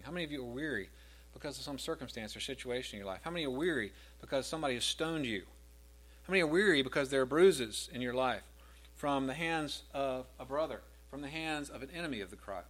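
A middle-aged male pastor delivers a sermon at a medium pitch. He speaks with emphasis, swelling louder and higher on repeated scripture lines before dropping back down. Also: expressive, fast talker.

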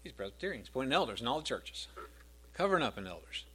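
A man's voice: mid-range voice, very animated, racing, fairly bright tone, slightly rough. A middle-aged man preaching a sermon as pastor, repeating verses with rising emphasis.

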